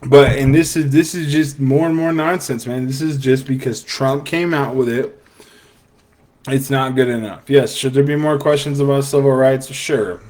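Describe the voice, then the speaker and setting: Guy ranting on his podcast, sarcastic, lots of ums, mid pitch. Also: steady tone, moderate pace, darkish tone. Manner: sarcastic, opinionated, many fillers. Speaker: podcast host. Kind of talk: casual opinion monologue. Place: live stream broadcast.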